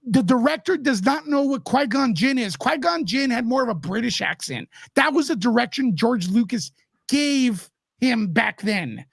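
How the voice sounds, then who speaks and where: A man's voice: extremely high pitch, lively intonation, moderate pace, gravelly, slightly rough, no room sound, studio quality. A man who is a guest commentator in a casual podcast chat, ranting with passion and frustration.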